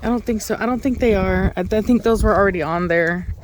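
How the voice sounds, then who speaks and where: A woman chatting casually outdoors, loud and talkative, often calling out to her dogs. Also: mid-range voice, fairly quick, background noise. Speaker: vlogger and dog breeder. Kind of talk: casual outdoor vlog chat. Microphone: handheld phone camera.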